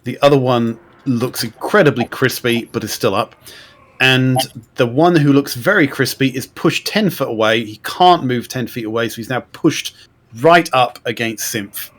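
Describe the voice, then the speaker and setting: A man running a tabletop game as game master, with relaxed, descriptive narration and rules asides. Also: medium pitch, moderate pace.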